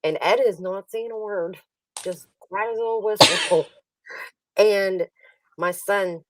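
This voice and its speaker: A woman's voice: mid-range voice, slow pace, far from the mic, very noisy. A middle-aged woman hosting a livestream, telling a family story in casual chat and laughing often. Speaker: livestream host.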